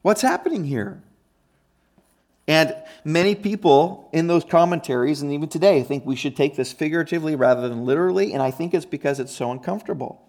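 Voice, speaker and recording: A man's voice: fairly high pitch, fast, few pauses, darkish tone. A man preaching a conversational teaching sermon, emphatic and often checking in with his listeners. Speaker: pastor.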